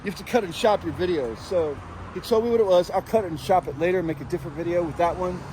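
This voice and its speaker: A man doing a satirical street report outdoors at night, rambling with crude deadpan jokes as he quizzes passers-by. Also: high-pitched, quick pace, a little hiss or hum. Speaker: street vlogger asking passers-by questions. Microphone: handheld camera.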